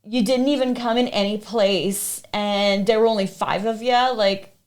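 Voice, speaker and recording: A woman's voice: medium pitch, fairly even intonation, a little slow. A woman guest on a podcast, talking casually and emphatically, often swearing as she tells her story. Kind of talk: casual chat.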